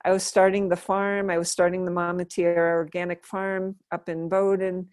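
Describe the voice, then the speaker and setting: A middle-aged woman telling a personal story as an interview guest, animated and acting out the dialogue she quotes. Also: fairly low pitch, normal speed, clear, resonant tone, dry recording, clean studio sound. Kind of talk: casual storytelling in conversation.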